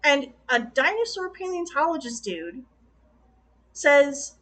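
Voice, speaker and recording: A woman talking in a casual video review, passionate and exclamatory, quick to laugh as she vents. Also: high-pitched, animated, fairly bright tone. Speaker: film reviewer.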